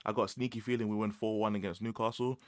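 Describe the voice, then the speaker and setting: Young London guy, low-ish voice, loose slangy stream chat, dry close mic. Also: quick pace, dry recording. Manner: slangy and animated, laughs often, repeats phrases. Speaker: livestream host. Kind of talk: casual livestream chat about football.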